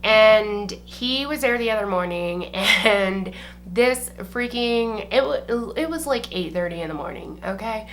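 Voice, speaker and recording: Young woman, beauty vlogger, casual makeup chat, bright voice, swears freely, lots of "like". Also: medium pitch, expressive, measured pace, slight background noise. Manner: chatty and profane, heavy use of "like".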